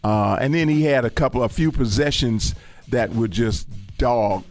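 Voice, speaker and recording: A man's voice: mid-range voice, moderate pace, faint music behind. A man hosting a sports talk show, teasing and easygoing in casual banter. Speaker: host.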